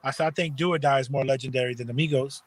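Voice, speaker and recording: A man from Texas, a podcast guest, telling stories in an animated way that is full of fillers. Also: mid-range voice, very fast, no room sound. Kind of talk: casual storytelling chat.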